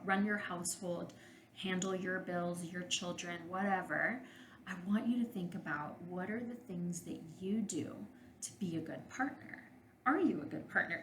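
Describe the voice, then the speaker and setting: A woman's voice: fairly low pitch, fairly bright tone, reverberant, slight background noise, rough recording. A woman, a couples therapist and podcast host, giving frank, direct advice in a solo monologue.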